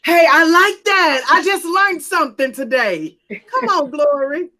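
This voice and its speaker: A woman's voice: very high voice, lively intonation, measured pace, bright, forceful tone. A woman hosting a church panel talk, playful and coaxing as she calls out to the audience.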